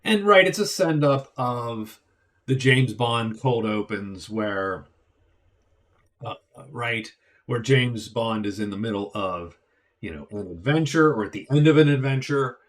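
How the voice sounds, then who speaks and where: A man's voice: mid-range voice, takes it slowly, fairly bright tone. Rambling, chatty man reviewing a movie. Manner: rambling, chatty, frequent restarts and asides. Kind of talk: casual spoken movie review.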